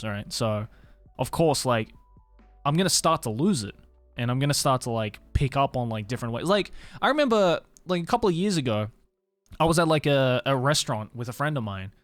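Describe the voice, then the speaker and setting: Animated man with a mild Australian accent. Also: medium pitch, no echo. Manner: animated, laughs often, swears casually. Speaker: streamer. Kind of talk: casual chat with viewers. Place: home stream room in Tokyo.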